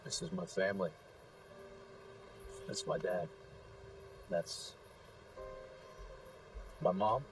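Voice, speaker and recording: A soft, patient man quietly reassuring a scared child in a TV drama. His voice sits very low and sounds distant from the mic, with faint noise underneath. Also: very slow, long pauses. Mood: gentle. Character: gentle grown man coaxing a scared child. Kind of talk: TV drama clip.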